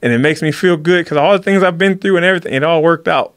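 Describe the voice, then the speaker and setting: A man recounting a personal story at a rapid clip, lively and animated as he acts out what others said to him. His voice is close and dry, with no room sound around it. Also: fairly high pitch, no echo. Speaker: podcast guest, fighter. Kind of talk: casual storytelling.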